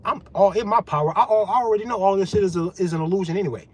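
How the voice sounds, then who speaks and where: A man's voice: high-pitched, racing, a little mellow, poor audio. A man giving a profane, confrontational rant as a vlogger. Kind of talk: ranting monologue.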